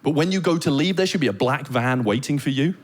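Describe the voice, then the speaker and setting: A British man doing a stand-up comedy set on a theater stage, telling animated stories full of comic voices and mock Danish. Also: mid-range voice, fast talker, slight background noise. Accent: British English. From Britain. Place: theater stage before a live audience.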